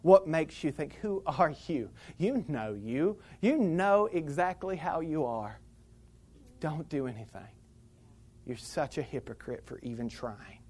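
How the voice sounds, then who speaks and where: A preacher voicing the enemy's accusing inner voice, hushed and belittling. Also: mid-range voice, lively intonation, a little slow, husky. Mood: taunting.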